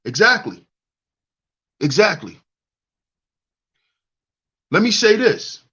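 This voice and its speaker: A man's voice: high voice, big pitch swings, slow, a bit bright, slightly rough, dull audio. A man hosting a heated commentary monologue, preaching at other men and mocking them in a whiny put-on voice. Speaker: commentary channel host. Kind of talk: heated monologue reading live chat.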